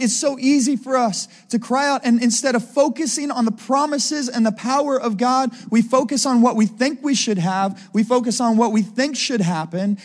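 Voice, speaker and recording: A man giving a conversational sermon, often asking his listeners "right?" as he teaches. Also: very high voice. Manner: conversational preaching, asks the crowd "right?" often. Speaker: preacher.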